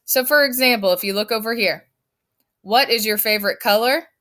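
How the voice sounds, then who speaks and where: A woman's voice: on the high side, fairly quick, bright, forceful tone. A woman teaching her fifth grade class in a recorded lesson, firm and emphatic as she explains step by step.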